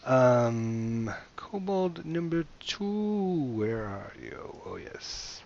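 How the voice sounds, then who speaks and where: A male game master narrates a tabletop game over voice chat, unhurried and meandering. He fills gaps with hesitations as he describes the scene, and the audio sounds somewhat dull and lo-fi. His pitch sits in an ordinary middle range. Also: big pitch swings, vocal fry, darkish tone, a little hiss or hum. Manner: hesitant, meandering with many fillers.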